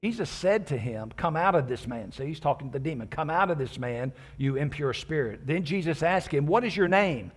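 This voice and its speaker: A man's voice: fairly high pitch, animated, fairly quick, few pauses, husky. A male pastor giving a sermon, reading scripture aloud verse by verse and explaining it in a chatty way with joking asides to the congregation.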